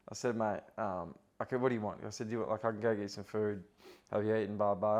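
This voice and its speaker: An Australian man with a fairly low voice tells stories as a podcast guest. His speech wanders and is packed with fillers and restarts. It sounds like a relaxed, casual interview. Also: fast. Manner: rambling storyteller, heavy on filler words and restarts. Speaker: guest, professional footballer.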